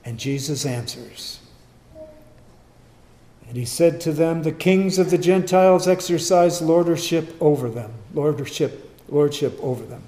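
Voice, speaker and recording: A man preaching a sermon, swinging from quiet, low passages to loud, emphatic bursts. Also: a little slow. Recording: echoey room.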